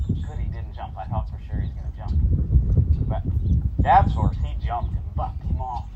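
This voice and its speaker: A man's voice: medium pitch, a little slow, long pauses. Folksy man training a horse, tinny sound. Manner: folksy, easygoing, tells joke stories while working. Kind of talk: outdoor horse training lesson. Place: outdoors on horseback at a ranch. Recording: tinny lo-fi outdoor recording, loud noise.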